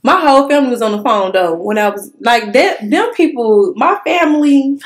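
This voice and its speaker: A young woman tells a story with lively animation on a casual podcast. Her voice sits a little high, and she talks in loose, slangy chat. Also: normal speed. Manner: animated storytelling, Southern Black-American vernacular slang. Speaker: podcast host.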